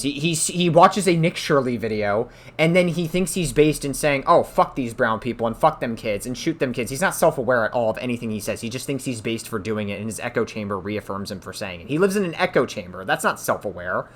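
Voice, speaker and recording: A man's voice: medium pitch, big pitch swings, a little fast, fairly bright tone. A man giving heated, exasperated reaction commentary, swearing often and repeating his points. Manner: heated, exasperated ranting with profanity. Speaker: commentary streamer.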